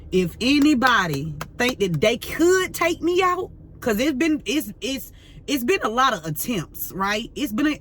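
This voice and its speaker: A woman's voice: medium pitch, a little hiss or hum. A woman tarot reader ranting to camera, fiery and profane, full of slang and repeating herself as she vents. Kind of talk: heated unscripted rant to camera.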